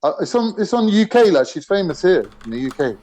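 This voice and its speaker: A man's voice: high voice, big pitch swings, brisk, dark tone. A man chatting casually on a live stream panel, eagerly asking the others questions.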